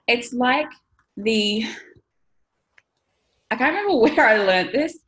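A woman's voice: a little high, lively intonation, slow pace, fairly bright tone, poor audio. A woman in her thirties, talking casually to camera as a money mindset coach, chatty, laughing often and swearing now and then.

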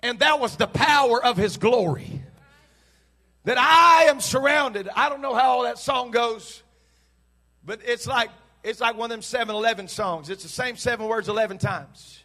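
A pastor preaching in church with a very high, piercing male voice. His tone is bright and forceful, and he swings between fervent shouting and easygoing asides to the congregation. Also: moderate pace. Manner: impassioned preaching that builds to shouts; casual, joking asides to the congregation. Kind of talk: sermon.

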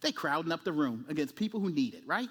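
A male pastor preaching a sermon in an animated way, acting out voices and often asking "right?". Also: fairly high pitch, fast talker, breathy edge.

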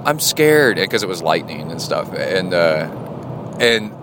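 A man with a somewhat low voice hosts a triathlon podcast as a casual spoken diary. He rambles along with plenty of fillers and restarts. Faint traffic noise hums underneath. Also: unhurried. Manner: rambling, chatty, many fillers.

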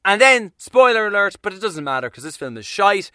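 A man's voice: sits high, very animated, brisk, sharp tone, clean tone, no echo, clean studio sound. A young man giving a sarcastic, profane and rambling casual film review.

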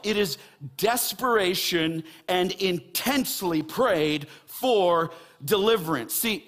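A man delivers a sermon from the pulpit, his fairly high voice climbing when he drives a point home. Then he drops to a quieter, earnest tone for the appeal to his listeners. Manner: animated preaching, rising and dropping to quiet emphasis. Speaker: pastor.

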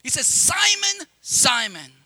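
A young man preaching a sermon as pastor, talking straight to the congregation in a lively, conversational way with quick asides. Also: extremely high pitch, no echo.

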